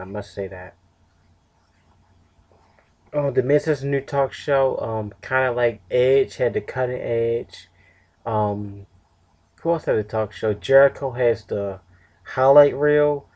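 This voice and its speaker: A man's voice: mid-range voice, a little mellow. A tired young man casually reviewing a wrestling show on his own, rambling with fillers and self-corrections. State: tired, yawning.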